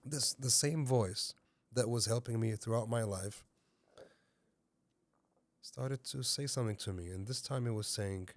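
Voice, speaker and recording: A man's voice: mid-range voice, unhurried, long pauses. A man who is a podcast guest, sharing a personal testimony and animatedly repeating himself as he tells his story.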